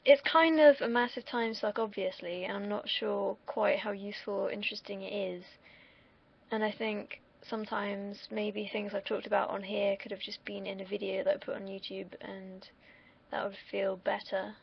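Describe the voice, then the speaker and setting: Gravelly young woman rambling. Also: medium pitch. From United Kingdom. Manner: rambling, candid, swears freely. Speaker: streamer. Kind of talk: casual solo livestream chat. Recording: dull lo-fi mic.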